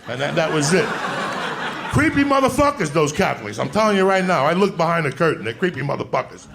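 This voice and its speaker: A man's voice: a little high, sing-song, fast talker, gravelly, fairly bright tone. A man telling a rowdy childhood story on stage as a stand-up comedian, swearing and laughing as he goes.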